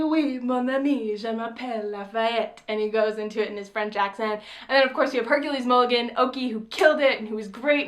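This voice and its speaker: A young woman telling a story in a casual vlog, chatty and full of "like", quoting herself with excitement. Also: mid-range voice. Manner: chatty, says "like" often, quotes herself excitedly. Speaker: vlogger.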